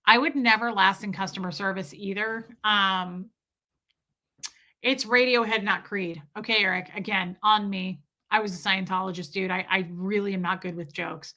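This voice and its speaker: A woman's voice: mid-range voice, steady tone, normal speed, pushed and bright. A middle-aged woman hosting a casual live stream, chatty and laughing as she reads viewer comments aloud. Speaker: livestream host reading chat.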